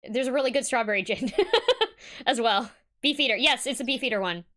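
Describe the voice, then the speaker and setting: A woman's voice: on the high side, fairly quick, sharp tone. A woman streamer chatting casually and giggling with her viewers while reading a game aloud.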